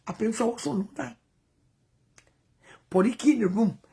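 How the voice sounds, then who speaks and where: A woman with a Liberian English accent tells a personal story in an animated way, dropping to hushed asides and rising to loud outbursts. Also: fairly high pitch, normal speed, vocal fry, breathy edge. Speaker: vlogger. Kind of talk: emotional storytelling monologue.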